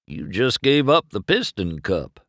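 A man's voice: fairly low pitch, very animated, a little slow, dry recording, clean studio sound, heavily acted. A man voicing a weary, worn-out old champion male race car who speaks plainly.

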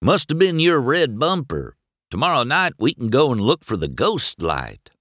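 A man's voice: huge pitch swings, normal speed, no room sound, studio quality. Male reader playing a cheerful prankster tow truck for an audiobook, teasing and bouncy. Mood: chatty. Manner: gleeful, teasing, higher and louder.

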